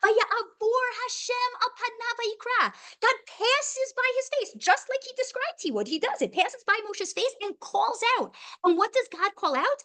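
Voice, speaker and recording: A woman teaching a Torah class in an animated, conversational way, often asking "right?". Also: extremely high pitch, moderate pace.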